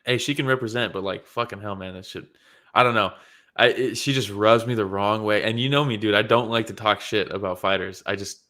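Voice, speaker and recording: A man with a lowish voice and a bright, forceful edge, talking in a loose, casual chat. He is blunt and opinionated and swears freely, like a co-host letting off steam. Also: steady tone, fairly quick. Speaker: podcast co-host.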